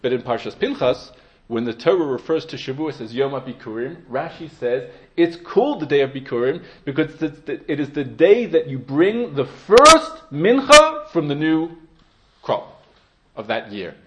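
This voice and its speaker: Man giving a measured Torah lecture. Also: a little high, sing-song, fairly bright tone, muffled recording. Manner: measured, explanatory, rising to emphatic stresses. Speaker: Torah teacher.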